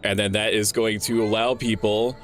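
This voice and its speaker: A man's voice: lowish voice, little pitch movement, moderate pace, soft background music. A young man hosting a charity stream, chatting loosely and jokingly with many fillers. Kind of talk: casual streaming chat.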